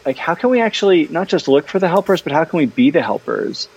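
A man guesting in a casual interview conversation, talking about his books in an animated, chatty way, full of fillers and restarts. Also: on the high side, fast, slightly rough, lo-fi sound. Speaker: guest, parenting author.

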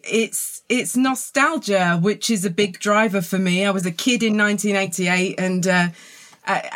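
A woman in her forties with a southern English accent, a guest author in a podcast interview, thoughtful and friendly, pausing often with fillers. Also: medium pitch, fairly bright tone. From England. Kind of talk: casual interview.

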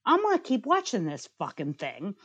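A woman co-hosts a podcast and rants about a TV series, blunt and profane. Her voice sits at a middle pitch and sounds dry and close. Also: huge pitch swings, normal speed, breathy edge, dry recording, muffled recording. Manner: blunt, profane, ranting with laughs. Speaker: podcast co-host. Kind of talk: casual opinionated review chat.

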